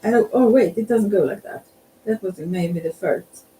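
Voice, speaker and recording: A yoga and mantra teacher speaking softly, who often hesitates, corrects themselves and laughs quietly while trying out chants. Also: mid-range voice, a little slow. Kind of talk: soft-spoken spiritual instruction. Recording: distant mic with faint ambient hiss.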